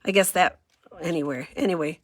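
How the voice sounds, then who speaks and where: A woman's voice: fairly low pitch, a little fast. A woman running a casual crafting demo, chatty and self-deprecating, thinking aloud as she works. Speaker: craft demonstrator.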